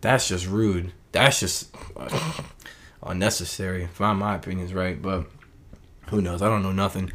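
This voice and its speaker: A man's voice: low voice, measured pace, a bit bright. A man talking through a casual late-night monologue in a rambling, earnest way, often restarting his sentences. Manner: rambling, earnest, self-correcting.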